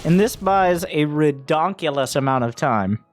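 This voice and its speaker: Casting note: high-pitched male esports caster, playful and jokey, faint music underneath. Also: a little slow. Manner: jokey, gets loud and excited at big plays. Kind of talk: game commentary.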